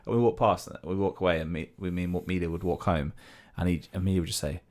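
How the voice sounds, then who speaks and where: A man's voice: deep voice, fast, a little mellow. A British man co-hosting a podcast, telling rambling stories in casual chat and acting out the people he quotes. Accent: British English. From Britain. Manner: rambling storyteller who acts out quoted people. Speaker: podcast co-host.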